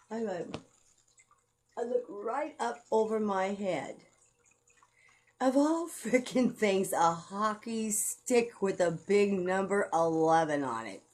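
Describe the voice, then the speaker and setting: A woman's voice: medium pitch, darkish tone. Blunt, profane woman telling a rambling story. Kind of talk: rambling personal storytelling to camera.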